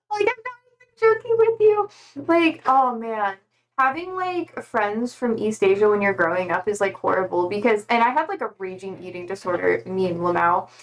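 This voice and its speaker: A woman's voice: medium pitch, normal speed, a little hiss or hum. A young woman streamer chatting casually with her viewers, rambling and giggling, with lots of "like" and casual swearing. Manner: rambling and giggly, heavy use of "like". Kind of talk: casual live-stream chat.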